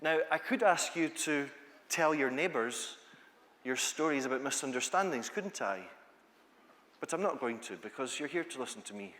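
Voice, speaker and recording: A man's voice: mid-range voice, expressive, moderate pace, a bit bright. A Scottish man from the east coast, giving a playful, chatty conference talk that tells stories and asks the audience questions. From Scotland. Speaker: conference speaker, teacher trainer. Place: large conference hall. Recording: long hall reverb.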